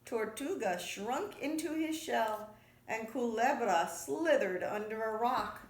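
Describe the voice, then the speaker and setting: A woman narrating a children's picture book aloud, with gentle, measured narration. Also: a little high, animated. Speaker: storyteller. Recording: echoey room.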